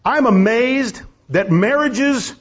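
In a dull, lo-fi recording, a man preaches a sermon about marriage, reading King James scripture aloud. His voice is very high-pitched and slow with lively intonation, and he presses his points with rising emphasis.

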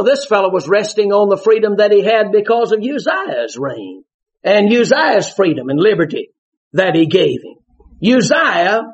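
A man preaching a sermon, animated, bursting into shouts and laughter as he tells his stories. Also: sits high. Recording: dull lo-fi sermon recording.

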